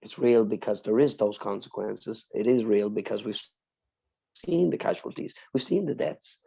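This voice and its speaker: A man on a podcast telling an emotional personal story, swearing freely and speaking with deep feeling. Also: lively intonation, normal speed, gravelly, dark tone, breathy edge, lo-fi sound. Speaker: podcast co-host.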